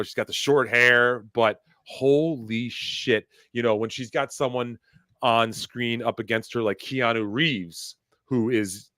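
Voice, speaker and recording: A man's voice: mid-range voice, sharp tone, smooth, dry recording, studio quality. A man hosting a casual chat, rambling and swearing freely, with lots of fillers and restarts. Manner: rambling, profane, emotional, many fillers. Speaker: host.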